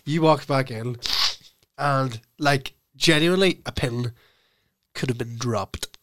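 A young man, hosting a casual podcast and telling an animated story with frequent laughs. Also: mid-range voice, takes it slowly. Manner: animated storytelling, laughs often, calls friend "lad". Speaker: podcast host. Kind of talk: casual chat.

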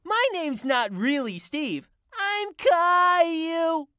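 A woman's voice: very high voice, lively intonation, extremely slow, pushed and bright, no room sound, heavily acted. A woman voicing a whiny, bratty twenty-two-year-old man-child who talks like a small child. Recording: music playing under the voice. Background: music.

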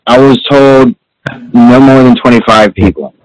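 A man's voice: mid-range voice, unhurried, dry recording, poor audio. A man telling childhood stories in a casual chat with old friends, rambling and swearing as he goes. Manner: rambling, profane storytelling. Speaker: guest.

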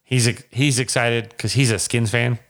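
A man's voice: mid-range voice, little pitch movement, unhurried, fairly bright tone. Rambling casual male podcast co-host. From Las Vegas. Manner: rambling storyteller, many restarts and fillers. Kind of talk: casual chat.

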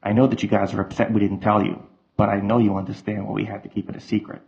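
Narrator as a frank agent dad, quick explaining, low gravelly voice. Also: male voice, little pitch movement, darkish tone. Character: secret agent father, frank and apologetic. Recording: slightly muffled.

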